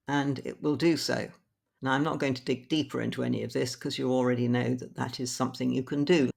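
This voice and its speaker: A British woman presenting a screen-recorded tutorial in a plain, explanatory way, slowly reading her typed prompts aloud. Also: extremely low pitch, creaky.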